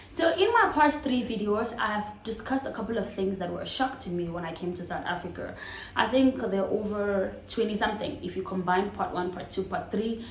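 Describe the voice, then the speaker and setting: A woman's voice: mid-range voice, roomy sound, a little hiss or hum, low-quality recording. Chatty Cameroonian woman vlogger. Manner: chatty, animated, direct to viewers. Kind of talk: casual vlog talk to camera.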